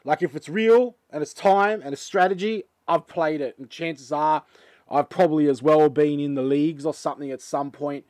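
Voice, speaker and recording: An Australian man hosting his gaming channel, chatting casually with lots of fillers and excited outbursts. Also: a little high, moderate pace, dry recording. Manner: rambling, filler-heavy and excitable. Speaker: channel host. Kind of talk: casual chat reacting to a game trailer.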